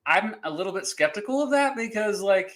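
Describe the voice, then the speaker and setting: A man's voice: sits high, expressive, brisk, a bit bright, poor audio. Rambling, chuckling male quiz host. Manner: rambling, chuckling, many fillers. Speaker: podcast host running a quiz. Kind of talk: casual chat.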